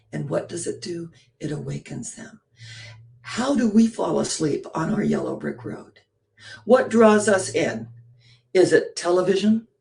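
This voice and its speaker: A woman minister giving a sermon, telling a story with lively rhetorical questions and sudden drops to a hushed, breathy near-whisper. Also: lowish voice.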